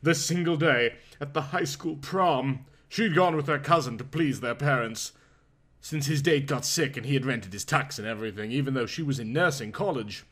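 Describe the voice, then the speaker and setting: A man's voice: mid-range voice, moderate pace, fairly bright tone. A man reading a comic parody story aloud in a melodramatic, mock-passionate narration.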